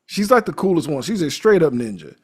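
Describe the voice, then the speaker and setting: Husky, animated man recapping a movie. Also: a little high, brisk. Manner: animated, profane storytelling, acting out scenes with laughter. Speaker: podcast co-host. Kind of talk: casual movie podcast chat.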